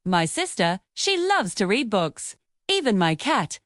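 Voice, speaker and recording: A woman narrating a scripted English lesson, explaining grammar clearly and patiently with sing-song emphasis. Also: on the high side, very animated, slow pace, fairly bright tone, no room sound, clean studio sound. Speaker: English teacher.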